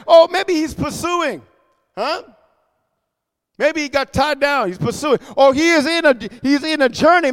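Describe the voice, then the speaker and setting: A man preaching a fervent sermon, reading scripture aloud, swinging between shouts and hushed asides, and calling out for amens. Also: extremely high pitch.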